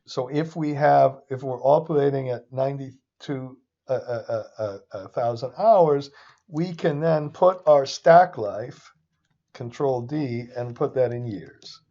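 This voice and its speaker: Rambling excitable man lecturing, dull audio. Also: medium pitch, measured pace. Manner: rambling, excitable, self-interrupting. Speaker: finance instructor. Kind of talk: casual screen-share lecture.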